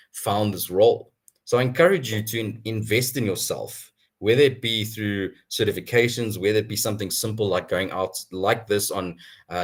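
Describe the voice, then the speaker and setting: A young man telling his career story at an online town hall in an animated way, chuckling often. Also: fairly low pitch. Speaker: guest speaker.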